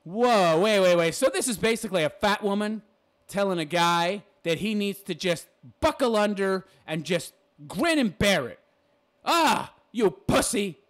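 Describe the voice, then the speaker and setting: Male commentator, high voice, big swings in pitch, crude mocking rant. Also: expressive, moderate pace. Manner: crude and mocking, laughs at his own jabs. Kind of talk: ranting reaction commentary.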